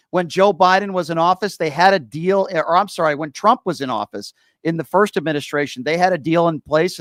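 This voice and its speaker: A man hosting a call-in radio talk show, lively and opinionated, taking calls on a studio mic. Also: high voice, dry recording. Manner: lively, opinionated, talks fast at times.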